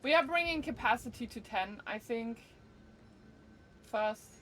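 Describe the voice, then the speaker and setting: A woman in casual game-stream talk, chatty and musing with a fairly high voice. She thinks aloud in loose fragments, with faint room noise behind. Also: expressive, a little slow. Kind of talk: casual live-stream gameplay commentary.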